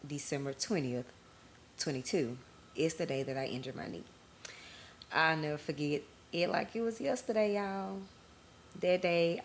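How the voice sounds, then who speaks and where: Low-pitched lady host just chatting candid with her listeners, casual storytelling. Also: a little hiss or hum. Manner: candid, conversational, addresses listeners as y'all. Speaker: podcast host.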